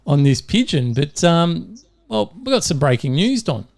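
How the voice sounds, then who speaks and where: An Australian man hosts a podcast in a bright, slightly raised voice. He chats along in an upbeat way and laughs often. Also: fairly high pitch, very animated, moderate pace, creaky. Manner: upbeat, chatty, laughs easily. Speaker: podcast host. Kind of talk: casual chat.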